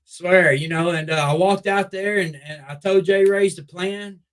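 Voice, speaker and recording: A young man, a wrestler, telling a long story in a casual, profane, animated way with many restarts. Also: high voice, normal speed, poor audio. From Memphis Mid-South area. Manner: profane, animated, repeats "I was like". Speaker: wrestler guest.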